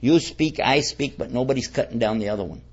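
Brisk and husky at a medium pitch, an American Islamic preacher gives a conversational lecture to an audience. His manner is folksy, he keeps quizzing the listeners, and the recording is dull and lo-fi.

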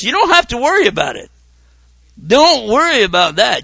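High, bright-voiced man lecturing. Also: normal speed, vocal fry, slightly rough, no room sound. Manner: animated, full of rhetorical questions. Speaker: Islamic lecturer. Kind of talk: public talk to an audience.

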